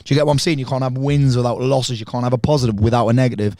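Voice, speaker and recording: A man's voice: mid-range voice, mellow, no echo. Brash man, straight-talking guest, close dry mic. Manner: blunt, fast-talking, heavy swearing. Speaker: podcast guest, speaker and coach. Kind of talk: candid conversation.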